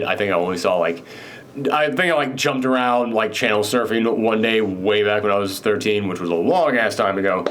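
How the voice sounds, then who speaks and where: A man hosting his own show, casually recapping a film in a rambling, animated way with many fillers. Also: mid-range voice. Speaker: film reviewer host.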